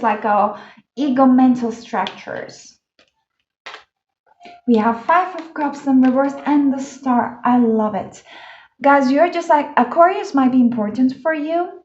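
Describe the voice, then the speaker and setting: A woman with a fairly high voice gives a casual pick-a-card tarot reading, chatty and enthusiastic. Her talk is full of fillers. The lo-fi recording sounds dull and echoes around the room. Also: a little mellow.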